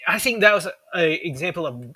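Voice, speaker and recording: Male podcast host, bright forceful voice, dry close mic, rambly and excited. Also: high voice, quick pace, breathy edge, no echo. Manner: rambling, enthusiastic, many fillers and restarts. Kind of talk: casual chat.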